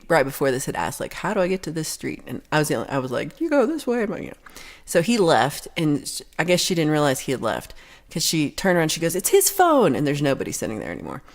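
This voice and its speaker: A woman with a low, creaky voice hosts a livestream. She tells a long story casually and ramblingly, restarting many times.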